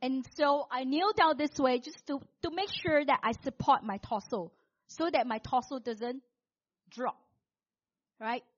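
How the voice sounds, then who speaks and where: A woman preaching a sermon, telling a personal story in an animated way and acting out what people said, with big swings between loud and soft. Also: high voice, unhurried, dull audio.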